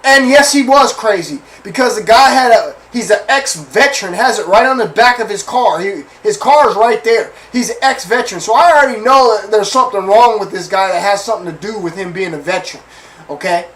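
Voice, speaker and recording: A man's voice: high-pitched, fairly quick, far from the mic, rough recording. A man hosting his own show, telling a story from his life as a casual rant. He swears a lot, repeats himself and keeps asking the listeners if they follow. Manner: animated, profane, repeats phrases and asks the listeners for agreement. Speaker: podcast host.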